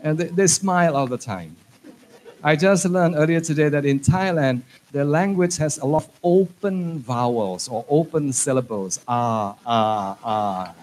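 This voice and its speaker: A man's voice: on the high side, animated, normal speed, darkish tone, slight background noise. A man giving a conference lecture to teachers, chatty and joking, dropping in phrases. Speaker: conference speaker on English teaching. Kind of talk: lecture to an audience.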